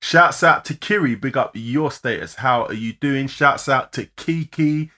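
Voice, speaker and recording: A man co-hosting a live-streamed podcast, rattling off listener shout-outs and laughing often. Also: mid-range voice, unhurried. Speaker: podcast co-host.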